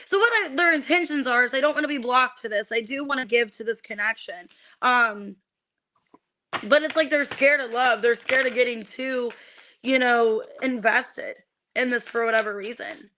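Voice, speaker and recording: A woman's voice: on the high side, normal speed, pushed and bright. A woman reading tarot cards on a livestream, ranting in irritation, swearing and stammering on restarts. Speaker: tarot reader.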